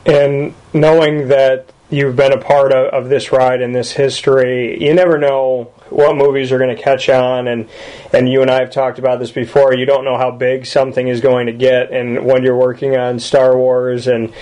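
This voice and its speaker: A man's voice: medium pitch, level tone, normal speed, a little mellow, poor audio. A man interviewing a guest, asking long, rambling questions in a casual style.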